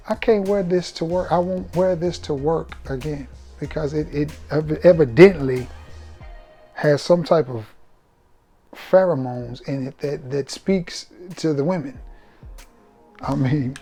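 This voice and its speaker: Southern man, fragrance vlogger, mellow tone, cocky but friendly banter, faint music underneath. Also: on the high side, unhurried. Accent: Southern American. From Alabama, USA. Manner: chatty, joking and self-assured. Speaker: fragrance reviewer. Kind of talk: casual storytelling vlog.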